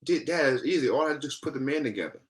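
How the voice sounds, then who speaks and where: A man's voice: medium pitch, animated, fast talker, pitched above the performer's own voice, natural voice. A man voicing an eager four-year-old boy in a spoken story. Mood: proud.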